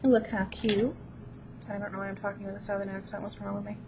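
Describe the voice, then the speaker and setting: A woman's voice: mid-range voice, rapid-fire, gravelly. A woman talks her way through a casual craft tutorial at home. She is chatty, pokes fun at herself, and keeps talking as she works. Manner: chatty, self-deprecating, talks while working. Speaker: planner vlogger. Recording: steady background noise.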